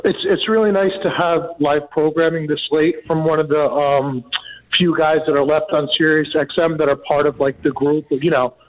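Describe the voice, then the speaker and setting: A man's voice: a little high, steady tone, moderate pace, highs cut off. A man calling in to a radio show, earnest and hesitant, filling gaps with "um" and "like". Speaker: caller. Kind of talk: phone call-in chat.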